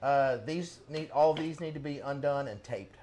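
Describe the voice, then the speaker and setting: A man's voice: fairly high pitch, normal speed, darkish tone, a little hiss or hum. A middle-aged man hosting a casual workshop chat, telling long rambling stories and chuckling often. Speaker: host.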